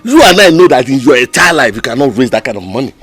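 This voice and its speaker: A man's voice: mid-range voice, big pitch swings, quick pace, fairly bright tone, breathy edge, faint music behind. A man with a Nigerian accent playing a cold, greedy village cabinet member who mocks a friend's plea. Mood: dismissive. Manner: dismissive, mocking. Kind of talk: Nollywood film acting.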